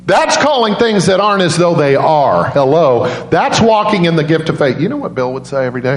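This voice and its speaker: Energetic male preacher in echoey church. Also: a little fast, few pauses, a little hiss or hum. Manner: animated, jumps into high voices for quoted grandmas. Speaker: guest preacher. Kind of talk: storytelling sermon. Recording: roomy church echo.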